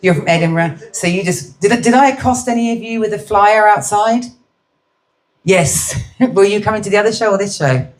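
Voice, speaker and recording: Here a middle-aged British woman performs stand-up at a comedy venue, trading cheeky chat with the live audience. She talks at a moderate pace in a medium-pitched voice.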